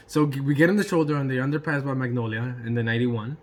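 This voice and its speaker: A man telling a casual personal anecdote in an animated way, swearing freely and throwing in sound effects. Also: mid-range voice, fast. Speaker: storyteller.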